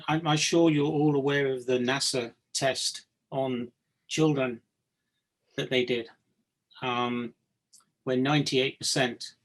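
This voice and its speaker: A man in the audience puts a question to the panel. He speaks slowly and starts a little hesitantly. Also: mid-range voice, a bit bright. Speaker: audience member asking a question. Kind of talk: question from the floor.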